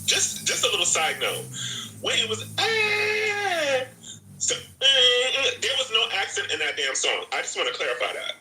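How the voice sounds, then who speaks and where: A man's voice: a little high, big pitch swings, a little fast, bright, forceful tone, faint music behind. Ranting profane man in an echoey room. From Jamaica. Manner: profane, repetitive, talks over himself. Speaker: host of a live audio room. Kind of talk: animated rant.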